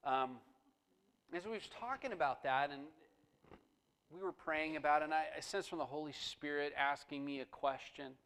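A middle-aged male pastor preaching a sermon in a relaxed, storytelling way. His voice sits a little higher than most men's. Now and then it swells into emphatic bursts. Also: normal speed, smooth, low-quality recording.

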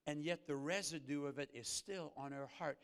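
Gravelly preacher in a reverberant hall. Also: male voice. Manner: earnest, rising to emphatic peaks then dropping low and slow. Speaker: guest preacher. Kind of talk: sermon. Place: church sanctuary.

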